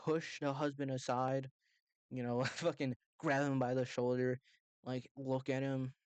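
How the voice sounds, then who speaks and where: A man's voice: medium pitch, flat delivery, unhurried, darkish tone, clean tone, no echo. A young man giving casual, rambling commentary, swearing a lot, laughing often and breaking into heated bursts.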